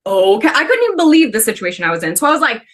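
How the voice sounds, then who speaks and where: A woman from the Pacific Northwest telling a personal story to a class in an animated, chatty way, full of "like". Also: fairly high pitch, very fast. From Pacific Northwest, USA. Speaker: student storyteller.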